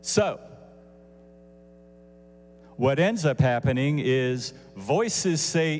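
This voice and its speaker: A man teaching a Bible lesson casually, animated, with asides to his listeners. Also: mid-range voice, extremely slow, long pauses, long reverb tail, a little hiss or hum.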